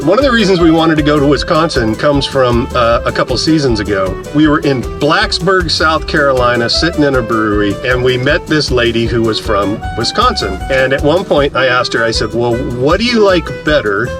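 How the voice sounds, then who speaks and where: A man's voice: medium pitch, expressive, brisk, few pauses. A man hosting a casual RV travel vlog, chatty and jokey, with music behind him. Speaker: RV travel vlogger.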